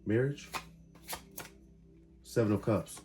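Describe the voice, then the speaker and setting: A man's voice: on the low side, slow pace, warm tone, soft background music. A man giving a casual tarot reading, calling out cards in short emphatic bursts. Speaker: tarot reader.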